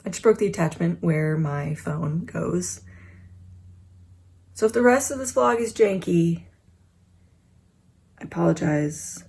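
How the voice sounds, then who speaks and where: A woman's voice: fairly low pitch, animated, takes it slowly, gravelly, long pauses, a little mellow, breathy edge. A young woman vlogging about her writing day, chatty and self-mocking, sometimes dropping into a whisper. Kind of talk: casual writing vlog.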